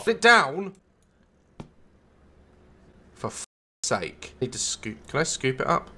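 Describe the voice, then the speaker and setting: A man's voice: mid-range voice, very animated, slow pace, long pauses, bright, forceful tone. A man giving comedic gameplay commentary, frantic and swearing constantly, yelping and cackling as things go wrong. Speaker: gaming YouTuber.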